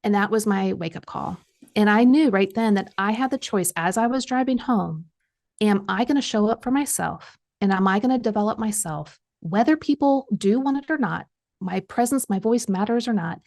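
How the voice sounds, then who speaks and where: A middle-aged woman, a coach appearing as a podcast guest, tells a personal story in a gravelly, medium-pitched voice with a darkish tone and plenty of vocal fry. She animates every voice she quotes.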